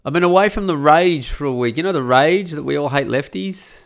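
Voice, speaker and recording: A man's voice: on the high side, fairly quick, gravelly. Profane rambling man hosting a podcast. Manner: rambling, profane and self-mocking. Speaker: podcast host and blogger. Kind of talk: casual solo podcast monologue. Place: at home during renovation.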